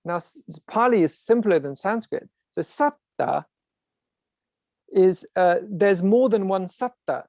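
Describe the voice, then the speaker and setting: Gravelly-voiced guy hosting a group call, lectures like a teacher, keeps restarting sentences, dry close sound. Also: sits high, lively intonation, measured pace, darkish tone, no echo. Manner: professorial, with frequent restarts and asides. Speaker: host of an online discussion group. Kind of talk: casual explanatory talk. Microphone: video call.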